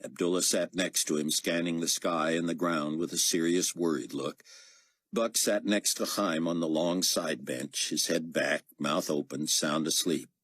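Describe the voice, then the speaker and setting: A man's voice: deep voice, fairly even intonation, measured pace, a bit bright, slightly rough, no room sound. A man narrating an audiobook expressively, voicing many characters. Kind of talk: scripted narration.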